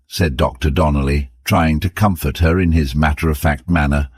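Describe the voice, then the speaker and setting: A man with a very deep, husky voice reading a story aloud in a clear, even way. The sound is dry and close, with no room around it. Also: moderate pace, no room sound. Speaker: narrator. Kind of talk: audiobook narration for English learners.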